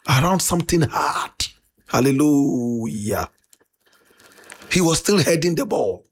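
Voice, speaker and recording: A Ghanaian man giving a fervent, preacher-style talk to fans, dramatic and bursting into shouts. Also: high-pitched, vocal fry, husky.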